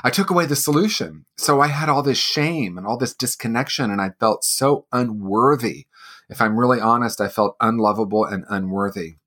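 A man's voice: mid-range voice, normal speed, a bit bright. A man in his sixties speaking earnestly and personally as an interview guest, with occasional light laughs. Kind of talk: reflective interview answers.

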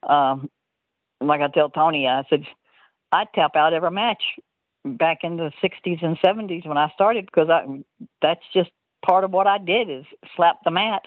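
A woman's voice: deep voice, moderate pace, no room sound. An older woman telling stories as an interview guest, rambling and laughing often mid-sentence, heard over a tinny phone line.

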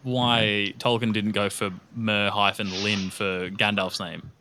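A man's voice: lowish voice, level tone, takes it slowly, sharp tone, dry recording. A man co-hosting a casual podcast chat, rambling and looking things up as he talks. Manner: rambling, looks things up aloud. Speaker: podcast co-host.

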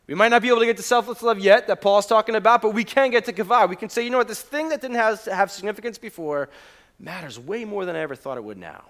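A man's voice: high voice, quick pace, a bit bright. A young man preaching a conversational sermon, often asking the congregation questions and reading scripture aloud with feeling. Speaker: pastor.

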